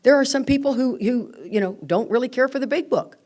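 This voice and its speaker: An older woman giving a candid, lively talk to a recovery meeting. She reads out quotes and acts out the people in her stories. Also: high voice, fairly quick.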